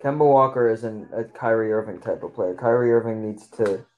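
A man's voice: lowish voice, normal speed, narrow, tinny audio. A man co-hosting a casual sports podcast who gives blunt, short replies and opinions. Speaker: podcast co-host.

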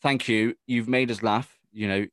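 A man's voice: lowish voice, steady tone, moderate pace, a bit bright, no room sound. A man hosting a casual podcast, chatty and matey. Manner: chatty, matey, says "mate" often. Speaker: podcast host. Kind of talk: casual chat.

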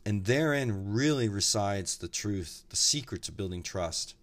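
A man giving an earnest, reflective podcast talk, measured and slowing down for emphasis as he tells stories. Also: on the low side, animated. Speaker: podcast speaker.

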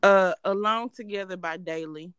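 A woman's voice: mid-range voice, moderate pace, a bit bright, clear, resonant tone. A young woman co-hosting a casual podcast, talking bluntly with profane jokes. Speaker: podcast co-host.

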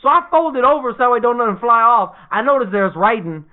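A man casually telling comedic family stories, animated, laughing often and swearing a lot. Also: extremely high pitch, fast talker. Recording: tinny phone-like sound.

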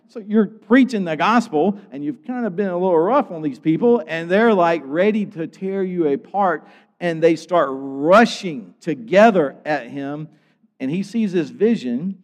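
Animated preacher man in a reverberant hall. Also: on the high side, moderate pace. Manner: animated, acts out scenes, swings from loud to hushed. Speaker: pastor. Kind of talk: sermon.

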